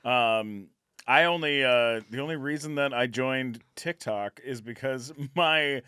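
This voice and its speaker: A man's voice: medium pitch, unhurried, clean tone, no echo, clean studio sound. A man in his forties, a comedian guest, talking animatedly and acting out little scenes with laughs. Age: 40s. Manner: animated, acts out voices in his stories, laughs often. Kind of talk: casual chat.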